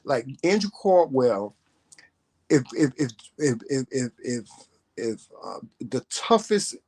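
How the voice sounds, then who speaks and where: A man's voice: mid-range voice, sing-song, slow, darkish tone, slightly rough. A man vlogging to camera, telling a story in a profane, confrontational rant full of emphatic repetition.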